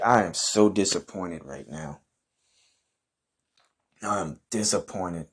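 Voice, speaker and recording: A man's voice: sits low, slightly rough. A man hosting a comedy podcast in character, talking brashly and profanely in slang, arguing with someone who is never heard. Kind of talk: improvised comedic monologue.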